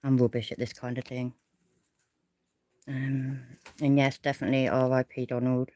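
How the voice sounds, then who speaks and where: A woman's voice: very deep voice, little pitch movement, normal speed, dark tone, no echo, clean studio sound. A woman hosting a casual livestream from bed, rambling and self-deprecating as she greets her viewers by name. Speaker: livestream host. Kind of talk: casual live chat. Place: in bed, away from home. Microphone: audio only, no camera.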